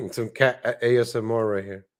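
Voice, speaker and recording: A man's voice: mid-range voice, moderate pace. A man hosting a casual livestream, chatting and joking in rambling asides. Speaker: livestream host. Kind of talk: casual live-stream commentary.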